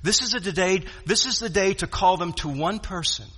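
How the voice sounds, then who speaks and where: A man's voice: high-pitched, moderate pace, sharp tone, slightly rough. A man preaching a sermon as pastor, emphatic, repeating phrases and building in intensity. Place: church sanctuary. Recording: long hall reverb.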